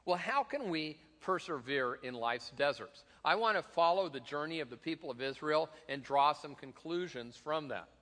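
A man's voice: on the high side, animated, normal speed, few pauses, a bit bright. A middle-aged man, a pastor preaching a sermon in a conversational, joking way, with many fillers and restarts, in a church sanctuary. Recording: long reverb in a large hall.

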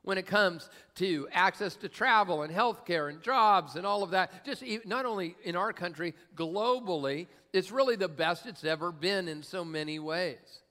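A man's voice: high voice, normal speed, hardly any pauses, sharp tone, big-room sound. A male pastor giving a conversational sermon, telling humorous stories with frequent fillers.

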